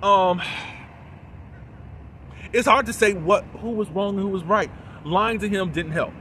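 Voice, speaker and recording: A man's voice: high voice, measured pace, slight background noise. Chatty man recapping a TV episode. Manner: animated retelling with quoted dialogue and fillers. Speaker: TV episode reviewer. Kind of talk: casual recap and commentary.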